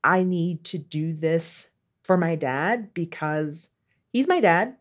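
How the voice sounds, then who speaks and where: A woman's voice: low voice, lively intonation, slow. A woman co-hosting an advice podcast, talking through a listener's question in a thoughtful, casual way. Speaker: podcast co-host.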